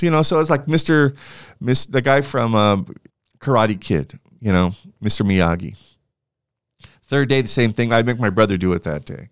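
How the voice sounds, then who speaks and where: A man's voice: lowish voice, animated, moderate pace, no echo, studio quality. A middle-aged man from California speaking in an interview, telling reflective stories with frequent restarts and fillers. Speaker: university leader being interviewed. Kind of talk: reflective storytelling.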